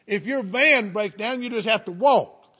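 High-voiced Southern preacher man. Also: measured pace, bright, forceful tone, breathy edge. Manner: folksy storytelling with fervent interjections. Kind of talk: sermon.

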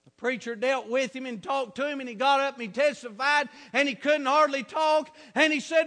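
A preacher delivers an old-time revival sermon, falling to near-hushed pleading and then rising to shouts. His voice is very high and bright. It echoes with the long reverb of a church hall. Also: normal speed.

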